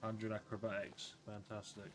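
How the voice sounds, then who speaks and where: A man streaming a game live, quietly muttering a running commentary to himself. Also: on the low side, completely flat delivery, normal speed, soft background music.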